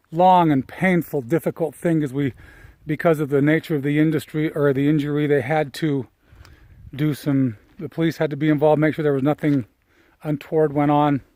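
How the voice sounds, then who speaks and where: A man's voice: on the high side, a little mellow, dry recording. Emotional man recounting a personal story. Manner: emotional, reflective, halting with fillers. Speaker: personal development speaker. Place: outdoors, walking on a property.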